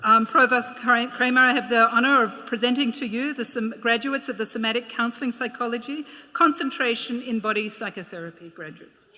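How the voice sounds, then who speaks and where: High-voiced Australian woman announcing names. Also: fairly quick, few pauses, bright, forceful tone, big-room sound, a little hiss or hum. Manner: carefully reading names, checking pronunciations. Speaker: faculty presenter at a graduation.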